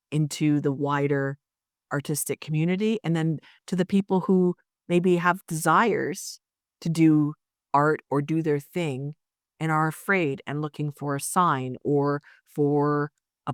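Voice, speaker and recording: A woman's voice: low voice, steady tone, a little slow, no echo, studio quality. A middle-aged woman co-hosting a podcast, speaking in an emphatic, motivating way and stacking up repeated phrases. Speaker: podcast co-host, artist. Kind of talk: casual podcast chat.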